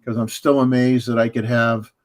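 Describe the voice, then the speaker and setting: A man's voice: medium pitch, little pitch movement, moderate pace. A man hosting a casual livestream chat, rambling with lots of fillers and restarts and chuckling often. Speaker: livestream host.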